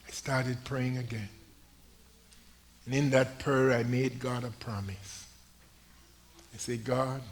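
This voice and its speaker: An older man preaching a sermon in a church, telling his story with slow, dramatic delivery that swings from hushed to loud. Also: mid-range voice. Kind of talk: sermon testimony. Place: church sanctuary.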